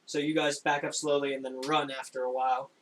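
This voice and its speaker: A young man narrating a tabletop game as game master, in a casual, halting way with frequent laughs. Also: mid-range voice, little pitch movement, slight background noise, low-quality recording. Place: home room, recorded for a stream.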